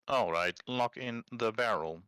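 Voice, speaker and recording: A man voicing a gleeful male game master who slowly and theatrically announces the rules of a deadly game. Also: mid-range voice, bright, forceful tone, clear, resonant tone, pitched above the performer's own voice.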